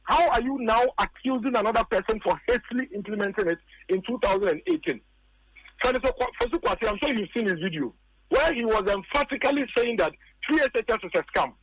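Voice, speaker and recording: A high-pitched Ghanaian man talking politics on a radio show, argumentative and insistent, circling back to repeat his points. The sound is dry and close, with no room around it. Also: animated, fast talker, fairly bright tone, no echo, low-quality recording. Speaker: political commentator.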